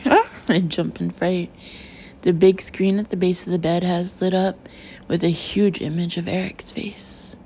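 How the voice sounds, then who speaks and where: A woman's voice: lowish voice, warm tone, a little hiss or hum. A woman reading a novel aloud in the first person, with a wry, chatty inner-monologue manner. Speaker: audiobook narrator. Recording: slightly muffled recording.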